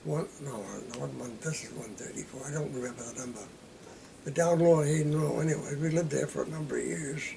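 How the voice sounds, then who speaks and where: A man's voice: mid-range voice, fairly quick, creaky, noisy background. An older man from Massachusetts, recalling his boyhood in a plain-spoken, wry way during an oral history interview at home. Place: living room at home.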